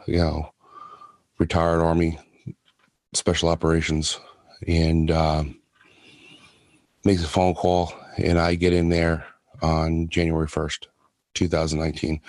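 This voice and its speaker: A man in his thirties telling his own hard story, halting and restarting often. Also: deep voice, darkish tone, no echo. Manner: halting, with many restarts and fillers. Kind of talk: personal testimony.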